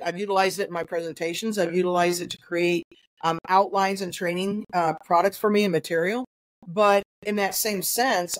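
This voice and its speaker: A woman's voice: on the low side, dry recording, low-quality recording. A middle-aged woman, a guest investigator and trainer, explaining earnestly in conversation, with many fillers and restarts. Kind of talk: conversational interview answer.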